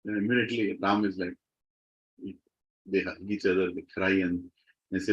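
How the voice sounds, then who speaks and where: A man telling devotional stories to a group, animated and asking the audience questions. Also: deep voice, normal speed. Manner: lively, animated storytelling, asks audience questions. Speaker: devotional speaker. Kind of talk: devotional storytelling talk. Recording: slightly muffled recording.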